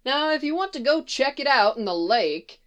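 A woman's voice: high voice, sing-song, moderate pace, voice pushed up. A woman voicing an older farmer who talks in an easygoing, folksy way. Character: older farmer man, calm stalling husband.

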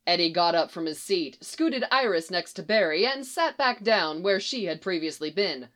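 A woman narrating a story aloud in a steady, lightly acted reading. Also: fairly low pitch, moderate pace.

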